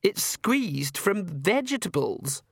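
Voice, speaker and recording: A man's voice: high voice, sing-song, slow pace, vocal fry, breathy edge, no room sound, studio quality, voice pushed up, heavily acted. A man voicing a sullen, scornful teenage vampire girl in an audiobook. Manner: sullen, disdainful.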